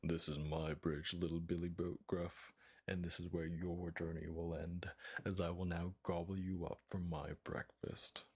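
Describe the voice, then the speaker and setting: A man voicing a beastly troll from a children's story, slow, bellowing and sinister, with a deep, gravelly, husky voice. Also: little pitch movement, darkish tone, heavily acted. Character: beastly sinister male troll under a bridge.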